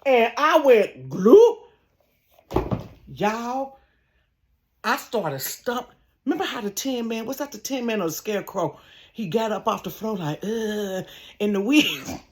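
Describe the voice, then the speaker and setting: A woman telling a funny personal story in a casual vlog from her bedroom, animated and laughing, acting out sounds. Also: on the high side, normal speed. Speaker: storyteller vlogger.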